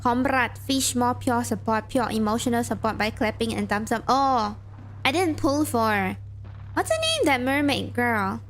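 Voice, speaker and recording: A woman's voice: on the high side, very animated, a little slow, slight background noise. Chatty woman streamer thinking aloud. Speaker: streamer playing a game. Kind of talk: casual gameplay commentary, reading game text aloud.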